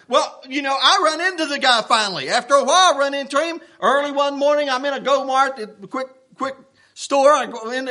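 A man preaching a sermon, telling a story in an animated, worked-up way with plenty of restarts. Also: very high-pitched. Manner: folksy, animated, getting worked up.

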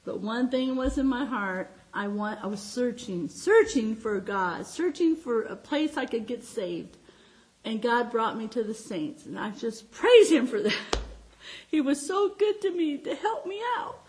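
A middle-aged woman preaching a sermon, telling personal stories in a heartfelt, animated way and often laughing as she talks. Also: a little high, a little slow.

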